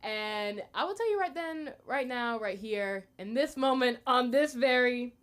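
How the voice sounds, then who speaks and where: Lively chatty young woman comic. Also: fairly high pitch, measured pace, clear, resonant tone. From United States. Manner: chatty, rambling, lots of fillers. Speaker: open mic comedian. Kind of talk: stand-up comedy.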